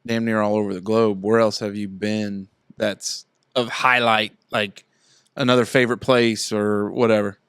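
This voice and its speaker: Smooth low-voiced joking male podcast host. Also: little pitch movement, normal speed, a bit bright, no echo, clean studio sound. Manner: easygoing, joking. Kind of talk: casual chat.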